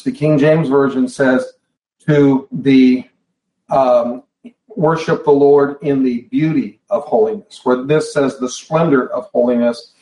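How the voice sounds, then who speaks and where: In an echoey church hall, a man preaches a Bible study sermon in a mellow, mid-range voice. His intonation stays fairly even and his pace unhurried, though he often restarts and repeats phrases in his conversational delivery.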